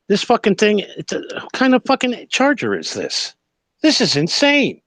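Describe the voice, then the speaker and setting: A man with a somewhat high, gravelly voice that swings up and down a lot. He talks in sarcastic, exasperated bursts in casual podcast banter, recorded close and dry. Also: huge pitch swings, a bit bright, dry recording. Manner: sarcastic, exasperated, quick to laugh. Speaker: podcast co-host. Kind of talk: casual stoner comedy chat.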